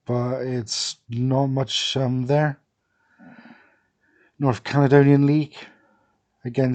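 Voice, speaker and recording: A young man talks casually over a football management game, rambling and thinking aloud with plenty of fillers and pauses. His voice is mellow and warm, at an ordinary middle pitch, close to a desk microphone. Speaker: gaming video creator.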